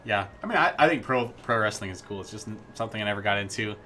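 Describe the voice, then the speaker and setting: A man's voice: on the low side, animated, fast talker, bright, forceful tone, slight background noise. A man chatting casually and playfully while streaming his game development work, rambling into jokey asides. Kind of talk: casual live-stream chat.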